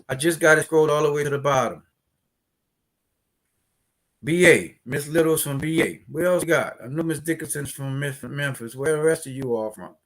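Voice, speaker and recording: A man's voice: a little high, moderate pace. Chatty New Orleans man hosting a livestream. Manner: chatty, addresses viewers in the chat directly. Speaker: host of a business credit livestream. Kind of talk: casual livestream presentation.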